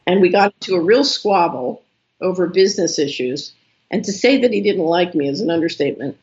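A woman guest in an interview, telling a long story with lively, acted-out quoted dialogue. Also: fairly low pitch, a little fast, dull audio. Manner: animated storyteller who acts out quoted dialogue.

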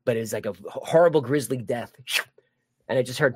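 A man's voice: mid-range voice, fairly quick, pauses often, warm tone, husky, no echo. A man hosting a live stream, chatting casually and joking while reading viewer comments. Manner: rambling, jokey, many restarts. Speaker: livestream host.

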